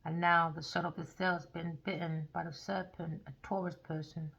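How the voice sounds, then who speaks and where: Gravelly woman giving a tarot reading. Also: fairly low pitch, normal speed. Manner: animated, swearing, rambling and emphatic. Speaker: tarot reader. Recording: dull lo-fi recording.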